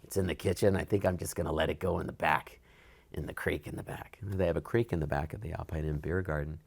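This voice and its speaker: A man's voice: quick pace, gravelly. A middle-aged man telling a long workplace story in an oral history interview, acting out the dialogue in a raised voice. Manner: animated, acts out quoted dialogue with raised pitch. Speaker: interviewee, events program manager.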